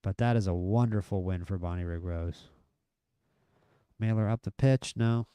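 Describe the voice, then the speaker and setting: A man live-streaming a football management game, chatting through the match and getting excited at near misses and goals. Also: low-pitched, moderate pace, smooth, no echo. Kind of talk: live gameplay commentary.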